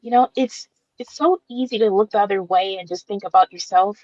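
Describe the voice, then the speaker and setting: A woman voicing a gentle, tearful young woman with cancer in an amateur radio drama, speaking softly and with feeling. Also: medium pitch, no echo, close to an everyday voice. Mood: admiring. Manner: soft, emotional, slow-spoken. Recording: dull dry lo-fi recording.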